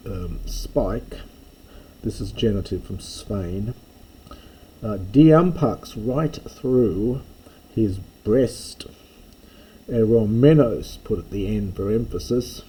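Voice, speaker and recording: An older man giving a slow, halting line-by-line lecture, pausing often with ums and restarts. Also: lowish voice, dark tone, a little hiss or hum, poor audio. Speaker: classics lecturer.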